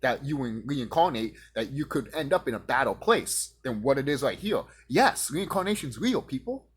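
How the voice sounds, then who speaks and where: A man delivering a profane, confrontational rant straight at his audience, now and then mocking his critics in a higher voice. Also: sing-song, normal speed, breathy edge. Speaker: vlogger ranting to camera.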